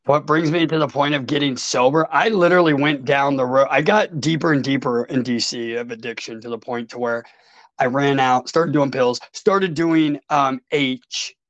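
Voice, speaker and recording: A man's voice: mid-range voice, normal speed, no echo, muffled recording. A man as a podcast guest, candidly telling his addiction and recovery story in a raw, emotional way and swearing freely.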